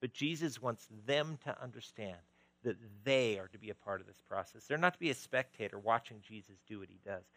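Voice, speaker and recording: A male pastor preaching a sermon, moving between loud emphasis and quiet, intimate stretches. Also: mid-range voice, lively intonation, fairly quick, no room sound, poor audio.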